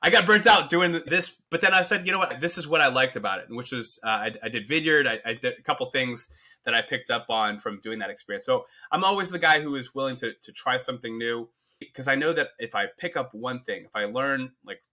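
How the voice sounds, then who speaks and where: A man's voice: mid-range voice, brisk, pushed and bright. A man being interviewed on a podcast, telling his story in a candid, reflective way. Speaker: podcast guest. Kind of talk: conversational interview.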